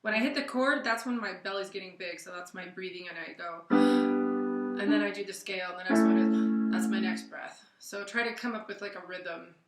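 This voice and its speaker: A woman singing teacher leads a casual vocal lesson in an echoey room with piano, talking through warm-ups briskly in a fairly low voice. She's relaxed and chatty, uses lots of fillers, and sings scales in between.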